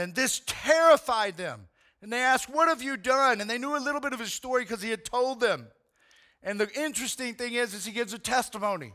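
A man preaching with a high, bright voice that cuts through. He tells the story in animated, casual slang and keeps addressing his listeners as "man.". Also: brisk. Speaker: pastor. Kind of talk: sermon.

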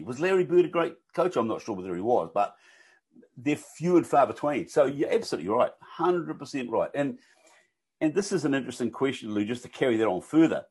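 A man's voice: mid-range voice, a little mellow, breathy edge. An older man with a New Zealand accent, a guest talking casually and telling coaching stories with casual swearing. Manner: chatty, with frequent restarts and casual swearing. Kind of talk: casual conversation and storytelling.

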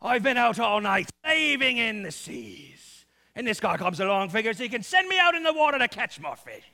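A man voicing a weary, grumbling fisherman who is loud and exasperated. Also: high voice, big pitch swings, normal speed, exaggerated voice. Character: gruff, weary male fisherman, grumbling and bothered.

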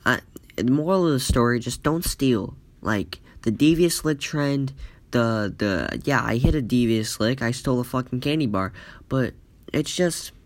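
A man's voice: medium pitch, expressive, unhurried, no echo. A man telling a casual, profane story in rambling speech full of "like" fillers.

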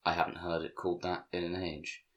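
Casual: dude reading as the devil, quiet silky and gleeful, super low voice. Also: male voice, monotone, a little fast. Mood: silky menace. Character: the devil, suave, gleeful and menacing.

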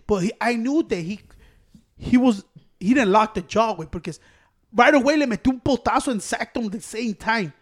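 High-voiced man telling a profane story. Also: a little fast. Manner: profane, animated, acts out quotes. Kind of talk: casual storytelling among friends.

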